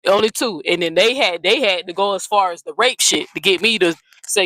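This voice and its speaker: A woman's voice: mid-range voice, brisk, bright, forceful tone, no room sound, poor audio. A woman hosting a commentary channel, ranting bluntly and profanely, often repeating herself. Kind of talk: heated casual commentary rant.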